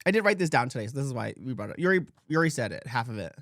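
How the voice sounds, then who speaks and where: A man co-hosting a casual chat podcast, animated and acting out the voices of people in his stories. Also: medium pitch, rapid-fire, dry recording, clean studio sound. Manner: animated, acts out quoted voices. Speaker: podcast co-host.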